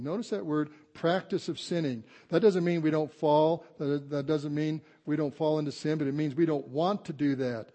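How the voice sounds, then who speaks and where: An older man, a grandfather, preaching a conversational sermon to a congregation and slowing down to stress scripture. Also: on the high side, steady tone, dark tone. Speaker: pastor. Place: church sanctuary before a congregation.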